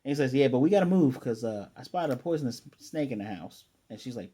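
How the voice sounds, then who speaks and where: Mellow-voiced man recapping an anime. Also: mid-range voice. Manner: retells scenes with quick quoted character lines; chatty, with fillers and throat clearing. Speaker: anime reviewer. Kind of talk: casual episode recap and review.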